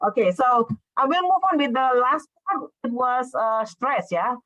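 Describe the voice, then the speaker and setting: A woman with an Indonesian accent giving an online English lesson, explaining step by step and checking in with quick tag questions. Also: high-pitched, big pitch swings, fairly bright tone, dry recording. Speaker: English instructor. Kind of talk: online class lecture. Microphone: video call. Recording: dull lo-fi video call audio.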